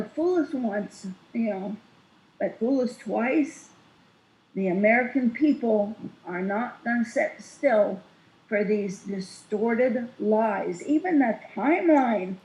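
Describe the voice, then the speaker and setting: A woman guest on a casual political talk show, speaking deliberately and emphatically. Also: on the high side, darkish tone. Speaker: guest analyst. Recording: echoey lo-fi call audio.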